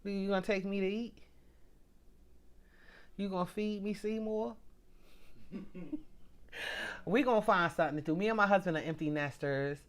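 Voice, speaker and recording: A middle-aged woman, hosting a casual livestream from home. Her voice rises and falls a lot as she thanks viewers by name. She reads their comments out loud, talking straight to the people watching. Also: medium pitch, moderate pace, long pauses. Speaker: livestream host.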